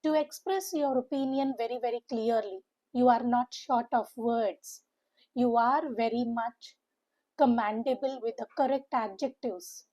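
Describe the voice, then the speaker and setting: A woman teaching vocabulary, spelling out sounds slowly and repeating words for emphasis. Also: on the high side, dark tone, rough recording. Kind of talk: online vocabulary lesson.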